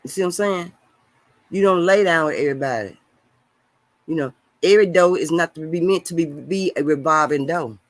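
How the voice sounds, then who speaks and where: High-voiced preachy man on a live stream. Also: fairly quick, dry recording. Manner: loud, preachy, swings between shouting and mumbling. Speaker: live streamer reading viewer comments. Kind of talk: casual live-stream chat.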